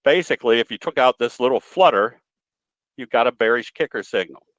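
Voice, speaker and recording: A man's voice: medium pitch, animated, a little fast, a bit bright, no echo, low-quality recording. A man giving a trading webinar presentation in a folksy, storytelling way, with some hesitations. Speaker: guest presenter, trading educator.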